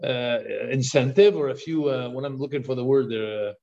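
Older man, excitable story-teller, lo-fi. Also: mid-range voice, a little fast. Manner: excited storyteller, repeats words on restarts. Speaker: podcast guest. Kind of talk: storytelling interview talk. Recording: dull lo-fi call audio.

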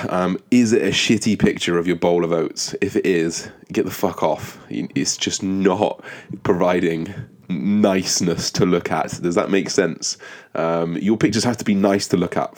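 A young man hosting his own podcast in a casual, rambling and profane way, with lots of ums and restarts and a flat, monotone delivery. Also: deep voice. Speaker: podcast host. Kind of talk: casual solo podcast monologue.

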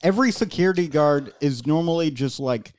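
A man's voice: lively intonation, brisk, darkish tone, no echo. A young man co-hosting a casual podcast, laughing often and joking. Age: young adult. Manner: laughs a lot, jokey, does squeaky mock voices. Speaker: podcast co-host. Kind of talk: casual chat.

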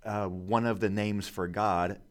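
A man co-hosting a podcast, explaining scripture in a measured, unhurried way. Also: on the low side, fairly even intonation. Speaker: podcast co-host. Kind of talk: casual Bible discussion.

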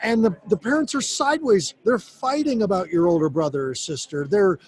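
A man interviewing, speaking in a thoughtful and halting way and repeating words. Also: high-pitched, darkish tone, breathy edge. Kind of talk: conversational interview.

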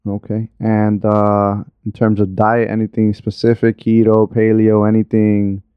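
A man hosting a relaxed sports interview, his voice low and smooth. He keeps his answers short and affirming. The sound is dry and close, but dull. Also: dry recording. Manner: laid-back, affirming, quick short replies. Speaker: interviewer, host.

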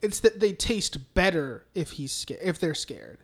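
A man's voice: a little high, very animated, a little slow, slightly rough. A man co-hosting a casual film podcast, recapping scenes in a rambling way with lots of swearing and filler words. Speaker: podcast co-host.

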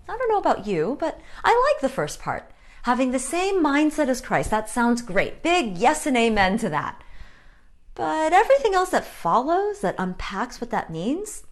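A woman giving a conversational sermon, candid and self-deprecating, with frank asides to her listeners. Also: on the high side. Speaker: preacher.

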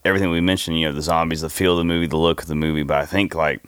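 A man hosting a casual movie podcast, relaxed and teasing as he steers the talk. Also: a bass voice, very fast, smooth, no room sound, clean studio sound. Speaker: podcast host. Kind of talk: casual chat.

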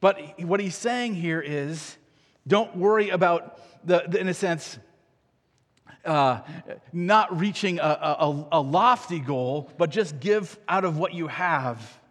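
A man's voice: on the high side, slow, a bit bright, big-room sound. A man preaching a sermon as pastor, conversational and earnest, often checking in with "right?" and restarting his phrases.

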